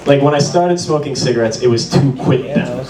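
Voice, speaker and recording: Rambling stand-up comic in a roomy club. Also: male voice, medium pitch, brisk, crowd noise. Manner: loose, rambling with frequent "like". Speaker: stand-up comedian. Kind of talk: stand-up set. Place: small bar performance room. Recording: roomy, distant, with audience.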